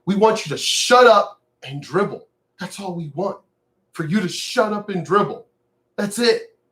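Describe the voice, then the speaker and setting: A man's voice: sits high, expressive, unhurried, a bit bright. An older, retired man who vlogs, ranting to camera in a profane, sneering, mocking way. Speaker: vlogger. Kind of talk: angry direct-to-camera rant.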